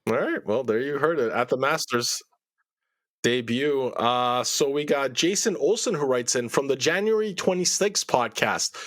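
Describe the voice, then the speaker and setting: A man co-hosting a casual podcast, reading out listener mail with quick asides and chuckles. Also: mid-range voice, expressive, a bit bright, no room sound.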